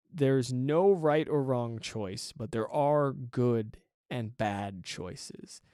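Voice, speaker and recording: Excited rambling man, dry close sound. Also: mid-range voice, dry recording. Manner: excited, rambling, laughs often. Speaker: podcast host and hobby game developer. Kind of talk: casual solo podcast monologue.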